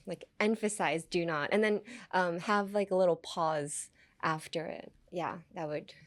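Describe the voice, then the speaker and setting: A woman's voice: on the low side, unhurried. A young woman hosting a podcast, chatting casually as she explains English phrases from anime and switching between English and Japanese with frequent laughs. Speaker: podcast host teaching English through anime lines. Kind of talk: casual bilingual teaching chat.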